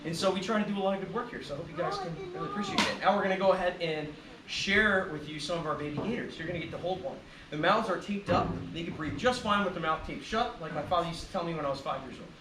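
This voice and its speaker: High-voiced joking male gator handler. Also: animated, fast. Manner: joking, chatty, explains to a crowd. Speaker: alligator handler. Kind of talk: live animal show presentation. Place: outdoor alligator show arena. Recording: far-off, echoey, loud outdoor noise.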